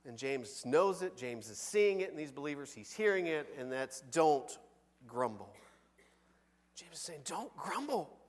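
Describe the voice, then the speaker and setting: A man preaching a sermon from the pulpit, conversational and animated, with big swings between loud and soft. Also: on the high side, normal speed, few pauses, big-room sound. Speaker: pastor. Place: church sanctuary.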